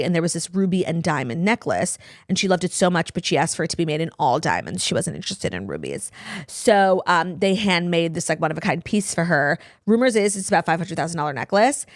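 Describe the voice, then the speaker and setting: A woman's voice: fairly low pitch, no room sound, studio quality. A woman in her thirties co-hosting a podcast, chatting casually and gossiping with many "like" fillers. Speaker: podcast co-host. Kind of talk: casual chat.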